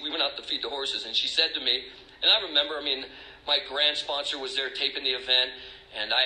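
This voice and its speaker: A man's voice: mid-range voice, sharp tone, reverberant, low-quality recording. A middle-aged man speaking as a recovery speaker, emotional and confessional, rambling with restarts. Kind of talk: personal testimony talk.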